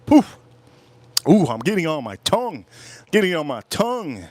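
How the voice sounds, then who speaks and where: Excited man reviewing cigars live. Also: fairly high pitch, brisk, no room sound. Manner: enthusiastic, laughs often, repeats himself. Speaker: livestream cigar and whiskey reviewer.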